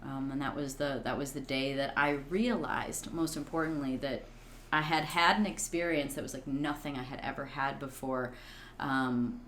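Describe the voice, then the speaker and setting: A woman's voice: extremely low pitch, steady tone, normal speed, a bit bright, reverberant, slight background noise. A woman in her thirties, a podcast guest, talking earnestly and reflectively with many "like"s. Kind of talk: reflective conversation.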